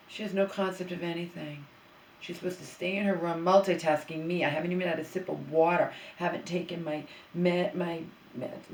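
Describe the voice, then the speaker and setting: A woman's voice: low voice, a little mellow, roomy sound, a little hiss or hum, low-quality recording. A woman vlogging from her bedroom floor, ranting in casual, rambling talk and repeatedly checking in with "okay?". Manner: ranting, frequent "okay?" asides.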